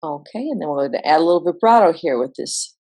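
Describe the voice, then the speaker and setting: Woman, vocal coach, low voice, relaxed explanatory tone. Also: fast. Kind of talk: instructional voice lesson.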